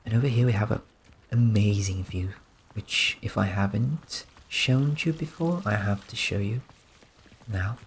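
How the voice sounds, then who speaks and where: A man gives soft-spoken gameplay commentary in a low voice, slow and unhurried. He muses in a relaxed, amused way, with a faint hiss under his voice. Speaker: gaming streamer.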